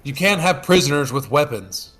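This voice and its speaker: A man narrating as game master, casual and full of fillers, slipping into quick character lines. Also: mid-range voice, lively intonation, a bit bright, breathy edge.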